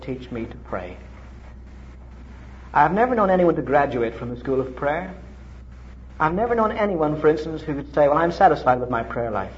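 Animated middle-aged preacher, from Ireland. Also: male voice. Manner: animated storytelling with dramatic pitch leaps. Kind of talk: sermon. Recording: muffled old lo-fi recording.

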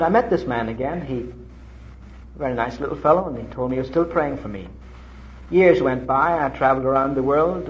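Middle-aged male preacher from Ireland, lively storytelling sermon, muffled old recording. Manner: animated storytelling with dramatic pitch leaps.

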